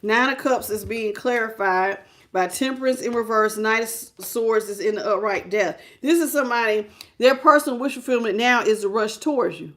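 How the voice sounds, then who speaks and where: A woman's voice: a little high, normal speed. A woman giving a casual live tarot reading, talking straight to the viewer and greeting people in the chat. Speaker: tarot reader.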